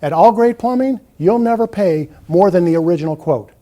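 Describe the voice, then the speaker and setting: A man's voice: high-pitched, animated, a little fast, dark tone. A man voicing a friendly business owner reading an on-hold message, reassuring and salesy. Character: small business owner recording phone greeting.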